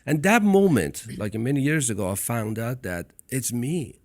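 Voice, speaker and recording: A man's voice: medium pitch, sing-song, normal speed, few pauses. A man with a foreign accent hosting a podcast, talking in an earnest way, repeating himself as he tells stories. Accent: foreign accent in English. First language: not English. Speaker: podcast host. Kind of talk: casual interview chat.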